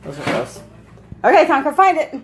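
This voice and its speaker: A woman's voice: high voice, wildly swooping pitch, normal speed, slight background noise. A woman at home playfully giving her dog commands and encouragement during a game. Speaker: dog owner and channel host. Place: at home, at a table.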